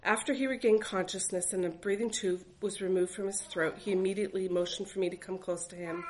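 A woman's voice: mid-range voice, steady tone, a little fast, a little mellow, slight background noise, poor audio. A woman reading aloud from her own memoir as a mother, in an earnest, reflective voice. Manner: earnest, reflective, faith-filled.

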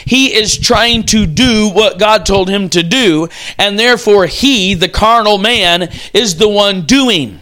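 A male preacher with a high, bright voice gives a sermon. He tells vivid stories and acts out the quotes as he goes. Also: takes it slowly, hardly any pauses.

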